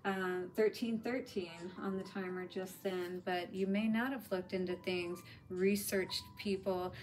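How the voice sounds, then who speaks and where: A woman's voice: on the low side, steady tone, measured pace, slight background noise. A woman giving a spiritual tarot reading in a chatty, reassuring way, with lots of "you know" fillers. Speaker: tarot reader.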